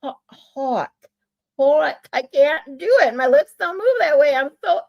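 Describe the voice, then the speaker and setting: A woman's voice: lively intonation, normal speed, vocal fry, muffled recording. Nasal Michigan woman, casual stream chat. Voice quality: high, nasal voice. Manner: chatty, laughing often, with many restarts. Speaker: livestream co-host.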